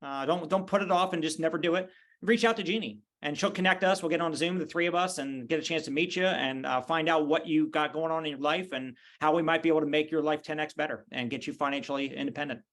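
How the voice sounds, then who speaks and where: This middle-aged man speaks at a quick pace with a fairly high pitch, appearing as a podcast guest over a video call. His storytelling is casual and lively, with him performing the voices of people from his stories.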